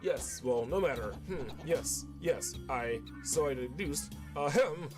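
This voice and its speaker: A man's voice: fairly high pitch, unhurried, over music, lightly acted. A man doing a pompous henchman. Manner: pompous and theatrical. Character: pompous villain henchman, theatrical, suspicious.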